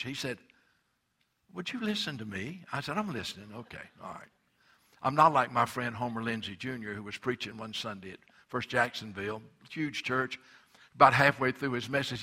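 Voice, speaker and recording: A man preaching a sermon as pastor, emphatic, with dramatic pauses and quoted dialogue. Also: mid-range voice, pushed and bright, slightly rough.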